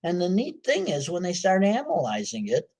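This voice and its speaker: An animated man tells a folksy story, throwing in asides as he goes. His voice sits a little higher than most men's. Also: moderate pace, vocal fry, husky. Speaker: author. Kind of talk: storytelling to a live audience.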